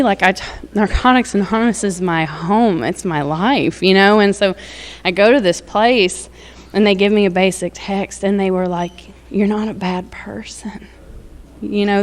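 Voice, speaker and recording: A woman, telling her personal recovery story in a candid, rambling way, with lots of fillers and laughs. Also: mid-range voice. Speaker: recovery speaker. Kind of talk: personal testimony.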